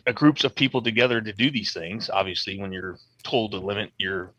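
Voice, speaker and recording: A man's voice: fairly low pitch, a little fast, fairly bright tone, no room sound, muffled recording. A man talking as a guest in casual podcast chat, earnest and loose, with lots of fillers and the odd swear word.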